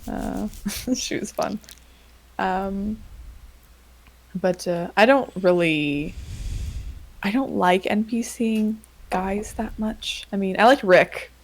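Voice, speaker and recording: A woman's voice: mid-range voice, slow pace, long pauses, rough recording. A woman chatting casually on a gaming podcast, laughing often as she talks. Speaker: tabletop game master.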